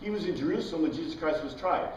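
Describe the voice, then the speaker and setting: A man's voice: on the high side, expressive, rapid-fire, darkish tone, a little hiss or hum. A man teaching an informal Bible class, chatty, quizzing his students and wandering into tangents. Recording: dull, echoey room recording from far off.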